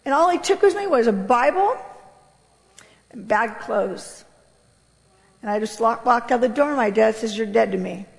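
A woman giving an emotional personal testimony to an audience, telling her story with emphatic, impassioned delivery and sudden leaps in pitch. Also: lively intonation, measured pace, long pauses. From United States. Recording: long reverb of a large hall.

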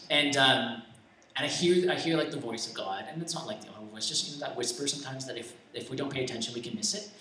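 This young preacher's mid-range voice is fast and sharp-toned as he wanders through an informal, conversational sermon of personal stories, restarting often and poking fun at himself. A little hiss or hum sits under the faint ambience of an echoey room captured on a distant mic.

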